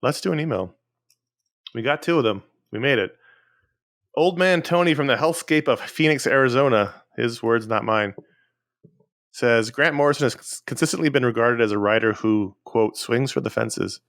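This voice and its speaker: A man's voice: medium pitch, moderate pace, fairly bright tone, dry recording, clean studio sound. A man co-hosting a podcast in a casual, chatty way, running through announcements and listener emails. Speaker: podcast co-host.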